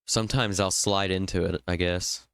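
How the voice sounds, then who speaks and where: A man's voice: low-pitched, fairly even intonation, moderate pace, creaky, a bit bright, clean tone, no room sound, clean studio sound. A young man from Indiana who hosts a livestream, chatting casually and thinking aloud with lots of fillers. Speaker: livestream host. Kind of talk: casual stream chat.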